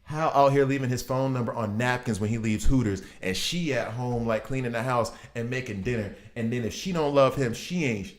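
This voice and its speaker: A man in his thirties giving casual gameplay commentary, riffing in an animated, exasperated way. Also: mid-range voice, a little fast, few pauses. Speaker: gaming video host. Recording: roomy echo.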